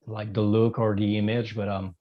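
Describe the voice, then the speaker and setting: A man with a Quebec French accent speaks as an interview guest in a fairly low voice. He talks hesitantly and fills his answers with ums and restarts. His tone is casual and searching. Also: little pitch movement, moderate pace, highs cut off. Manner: hesitant, many fillers and restarts. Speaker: guest musician.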